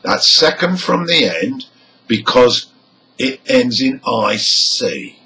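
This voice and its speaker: A man's voice: mid-range voice, big pitch swings, slow pace, bright, forceful tone, a little hiss or hum, poor audio. A man teaching English word stress, explaining rules and enunciating example words carefully. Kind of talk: slow, deliberate lesson explanation.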